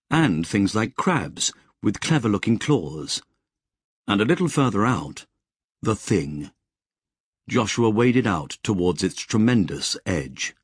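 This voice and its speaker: A man narrating an audiobook in a measured, expressive storytelling manner. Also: lowish voice, slightly rough, dry recording, studio quality. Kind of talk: scripted narration.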